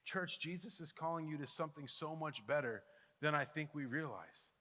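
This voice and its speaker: A middle-aged man preaching a sermon as pastor, swinging between loud fervent appeals and hushed intimate pleas. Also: fairly high pitch, moderate pace. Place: church sanctuary. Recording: long hall reverb with soft guitar underneath.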